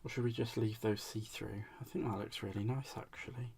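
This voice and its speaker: A man's voice: on the low side, steady tone, a little fast, gravelly, darkish tone, husky. A man hosting a live crafting stream, chatting playfully to himself and his viewers with little giggles and silly repeated words. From United Kingdom. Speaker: craft channel host. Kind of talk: casual live crafting chat.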